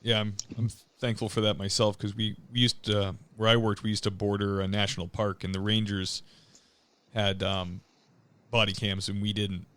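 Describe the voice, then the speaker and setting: A man's voice: on the low side, flat delivery, normal speed, fairly bright tone, clean tone, no room sound. A man hosting a podcast, chatting in an easygoing, joking way. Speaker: podcast host. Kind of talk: casual podcast chat.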